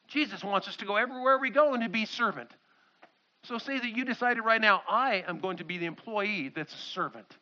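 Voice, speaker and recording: A man's voice: high-pitched, expressive, brisk, sharp tone. A middle-aged man, a pastor, preaching a sermon in a church and acting out quoted voices with animation. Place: church sanctuary. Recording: slightly dull lo-fi sound.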